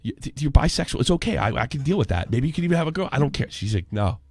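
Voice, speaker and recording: A man in his forties hosting a podcast, telling a story and ranting with constant swearing, dropping low and then shouting. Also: lively intonation, racing, gravelly, slightly rough, no room sound. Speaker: podcast host. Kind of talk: profane commentary rant.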